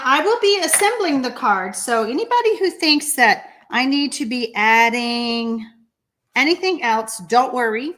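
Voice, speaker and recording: With a high-sitting voice and a Texan accent, a woman teaches card-making live, chattering excitedly and reading viewers' comments aloud as she stamps.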